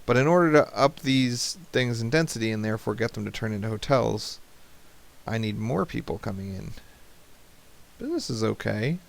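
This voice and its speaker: A man's voice: on the low side, a little fast, creaky. A man in his thirties hosting a let's play, chatting casually and joking at the game as he plays. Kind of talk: casual gameplay commentary.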